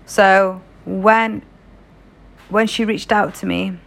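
Young woman, British accent, gravelly voice, casual vlog chat, frank, slangy. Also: medium pitch, fairly even intonation, slow pace. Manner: frank, swears freely, chatty slang. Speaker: vlogger.

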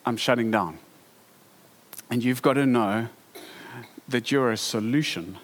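A man preaching a sermon, emphatic and animated, with rhetorical questions to the congregation. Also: mid-range voice, long reverb tail. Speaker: pastor.

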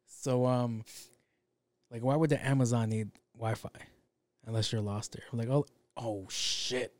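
A man's voice: mid-range voice, steady tone, a little slow, darkish tone, dry recording. A young man in a casual solo monologue, rambling and profane, drifting off on tangents.

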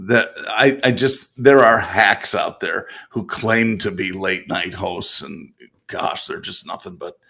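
A man with a fairly low voice rambles through a casual podcast chat. He fills the gaps with "uh" and "um," restarts his sentences, and chuckles often. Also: takes it slowly, creaky, fairly bright tone. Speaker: podcast co-host.

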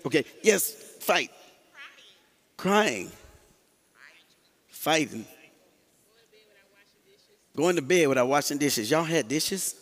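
A man's voice: fairly high pitch, slow pace, long pauses, long reverb tail. A male pastor preaching a sermon, talking with the congregation and laughing often. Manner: animated, laughing, call-and-response with the congregation.

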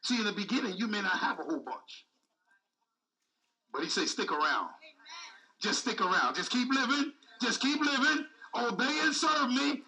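Animated high-voiced man preaching. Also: normal speed, recorded from a distance, rough recording. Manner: call-and-response preaching, repetitive, emphatic. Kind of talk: sermon.

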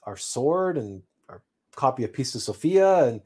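A man hosting a livestream, telling a personal story in an unhurried, reflective way with frequent restarts. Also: mid-range voice, very animated, darkish tone, slightly rough. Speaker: livestream host.

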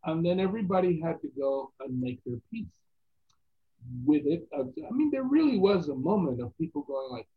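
Husky actor guy on a phone-ish line, pitch jumping all over as he tells stories. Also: normal speed, narrow, tinny audio. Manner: animated anecdotes with quoted voices. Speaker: actor guest. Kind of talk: casual interview storytelling.

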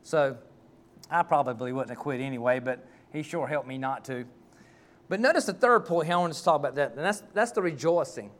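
A man's voice: on the high side, brisk, fairly bright tone. A man, a pastor preaching a sermon and telling heartfelt, folksy stories.

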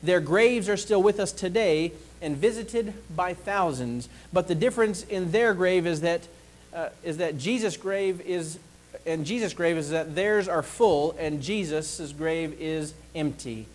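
A man preaching a sermon, slow and deliberate, pausing to ask the congregation for an amen. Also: sits high, a little mellow, poor audio.

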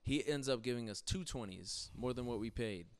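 A man's voice: medium pitch, normal speed, clear, resonant tone. A man hosting a podcast, casually telling profane, laugh-filled stories about a trip with friends. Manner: laid-back, profane, laughs through his stories. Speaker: podcast host. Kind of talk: casual storytelling chat.

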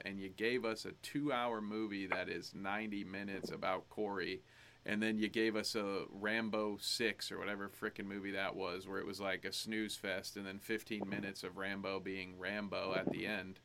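A man's voice: on the low side, fairly bright tone. A young adult man co-hosting a podcast, talking animatedly and rambling about a horror film, laughing often. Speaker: podcast co-host. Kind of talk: casual movie review chat.

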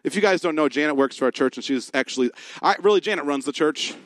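Pastor guy preaching, high-pitched voice, super dry close sound, acts out the voices as he goes. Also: quick pace, no room sound. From Michigan. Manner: animated storytelling, acts out quoted voices. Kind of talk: sermon.

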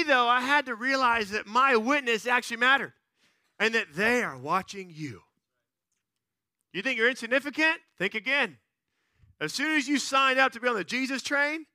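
A man preaching a sermon in an animated way, swinging from loud excited bursts to quiet earnest stretches and playfully acting out the people he quotes. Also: extremely high pitch, dry recording, clean studio sound. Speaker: pastor.

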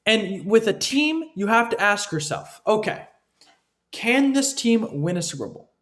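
A man's voice: high voice, very animated, measured pace, fairly bright tone. A man delivering an opinionated football analysis monologue, emphatic and repetitive, often asking his listeners "right?". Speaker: sports commentator.

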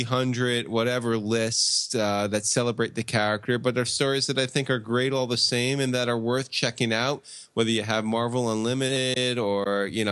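Guy cohosting a podcast, rambling deadpan storyteller, dry close sound. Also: medium pitch, dry recording. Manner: rambling, deadpan tall tales. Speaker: podcast co-host. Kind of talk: casual comic chat.

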